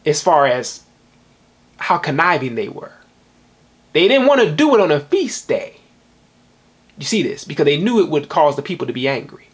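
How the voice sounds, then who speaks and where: Husky-voiced male Bible teacher, emphatic, reads scripture slowly and keeps checking in with his audience. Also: fairly high pitch, a bit bright. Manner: emphatic, repeatedly asks "do you see this"; reads verses slowly and deliberately.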